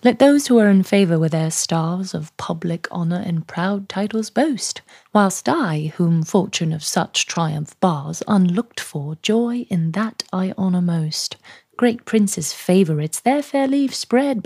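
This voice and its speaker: A woman with a received pronunciation British accent, reading sonnets aloud in a measured, soft manner that lingers on lines. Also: on the low side, dry recording, clean studio sound. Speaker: podcast host. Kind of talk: poetry reading.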